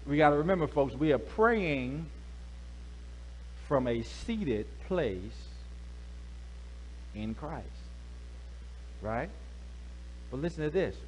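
A male pastor preaching a lively sermon, calling out to the congregation with casual slang. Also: on the high side, slow, pauses often. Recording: echoey hall, faint hum.

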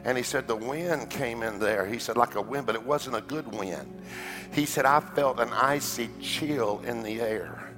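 A middle-aged man preaching a sermon, telling a story that builds to a fervent, shouting climax. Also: mid-range voice, normal speed, over music. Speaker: pastor. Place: large church auditorium.

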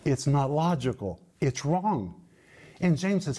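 A male preacher delivers a sermon in a fairly high-pitched voice. He explains words carefully and drags out key phrases to stress them. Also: very animated, mellow, breathy edge. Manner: emphatic, slows down to stress words.

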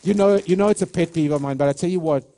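A man's voice: fairly high pitch, quick pace, warm tone. A man preaching a sermon with passion, stressing his points and often restarting his sentences. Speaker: pastor.

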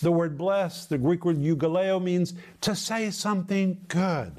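Middle-aged male preacher, somewhat high voice, emphatic and deliberate teaching sermon. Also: darkish tone. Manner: deliberate, emphatic word-by-word explanation. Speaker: Bible teacher.

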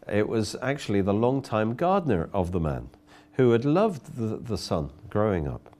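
A man's voice: fairly low pitch, sing-song, normal speed, darkish tone. A man preaching a sermon, telling a story earnestly and often repeating words as he goes.

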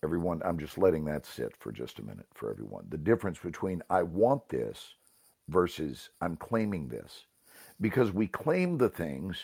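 A man's voice: low voice, gravelly, slightly rough. Guy explaining an improv game, voice swings up and down a lot, chants and coughs now and then. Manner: animated, rhythmic chanting and snapping; occasional coughs, pauses to sip water. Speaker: improv teacher and guest. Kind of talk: conversational teaching.

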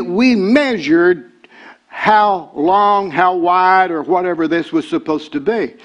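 An older man, preaching a sermon as pastor. He repeats words and builds to shouted excitement. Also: on the high side, lo-fi sound.

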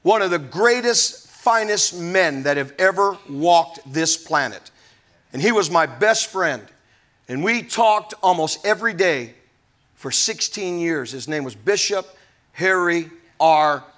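Emphatic high-voiced male pastor preaching. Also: animated, slow pace, a bit bright. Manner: emphatic preaching with folksy asides. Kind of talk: sermon.

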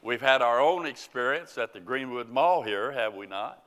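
A man preaching a sermon in a slow, earnest way, reading scripture aloud. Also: mid-range voice, animated, a bit bright. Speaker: pastor. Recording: long church reverb.

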